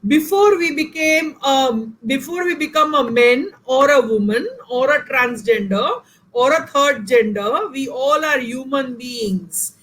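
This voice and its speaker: A woman's voice: sits high, measured pace, fairly bright tone, rough recording. An Indian woman, a professor and guest speaker, answering questions in an online session in an emphatic, earnest way, speaking directly to her listeners.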